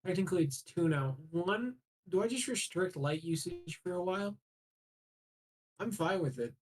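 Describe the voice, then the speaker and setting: A woman's voice: lowish voice, expressive, moderate pace, a little mellow. A woman playing in a tabletop role-play, asking the game master questions. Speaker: player.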